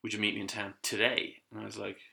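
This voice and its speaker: A middle-aged Irish man tells his story in a lively podcast chat, animated and quick, throwing himself into the voices of the people he quotes. His voice sits low with a gravelly fry. It has a bright, forceful edge. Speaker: guest, voice actor and musician.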